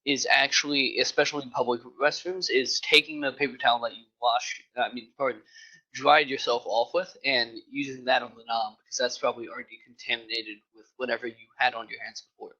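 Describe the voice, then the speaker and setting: A man's voice: medium pitch, steady tone, brisk, bright, forceful tone. A man acting as troop safety officer on a video call, speaking politely and a little hesitantly. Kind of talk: virtual meeting remarks. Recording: dull, muffled call audio.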